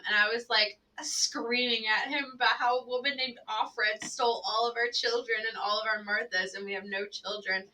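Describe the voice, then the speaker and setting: Bright rambling woman telling a story. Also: medium pitch, moderate pace, far from the mic, poor audio. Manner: rambling, fills talk with "like". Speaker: tabletop game player. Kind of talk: casual storytelling among friends.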